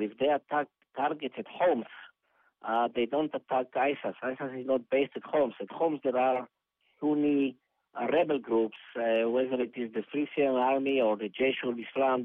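A man, an analyst explaining things in a measured way with fillers, heard over a phone line. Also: mid-range voice, no room sound. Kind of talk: phone interview on a news broadcast. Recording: tinny dry phone line.

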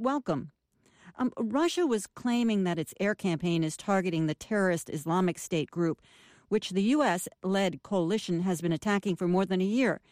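A female news anchor introduces her segments smoothly and precisely. The studio recording is dry and close. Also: on the low side, a little mellow, no room sound. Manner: polished, scripted. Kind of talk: news presenting.

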